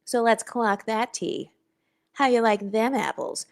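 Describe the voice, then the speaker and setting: A woman's voice: fairly high pitch, expressive, measured pace, vocal fry. A young woman hosting a casual livestream, talking bluntly and with attitude, swearing freely and reading viewer comments aloud. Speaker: livestream host.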